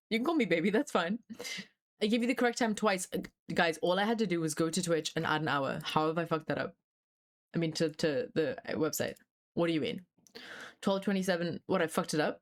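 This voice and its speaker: A young woman streaming live, chatting casually with her chat in a scattered way, swearing freely and laughing often. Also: on the low side.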